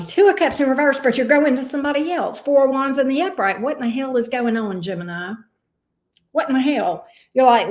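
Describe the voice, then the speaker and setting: A woman's voice: a little high, sing-song, normal speed. A woman giving a live tarot reading, chatting with viewers in an exclamatory, teasing way and swearing casually. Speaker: tarot reader. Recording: echoey room.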